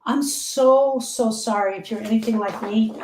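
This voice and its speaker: Warm-voiced woman giving an earnest pep talk. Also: on the high side, moderate pace, a little hiss or hum. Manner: earnest, repeats key phrases, speaks directly to the listener. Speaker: grief support host. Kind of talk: heartfelt live-stream talk to viewers.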